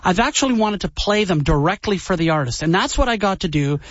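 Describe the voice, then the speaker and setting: A man's voice: high voice, expressive, fast talker. A male host chats eagerly and cracks jokes as he sets up segments. The sound is dry and close, with no room echo. The band is slightly dull. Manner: enthusiastic, joking. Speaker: radio show host. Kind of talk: casual chat.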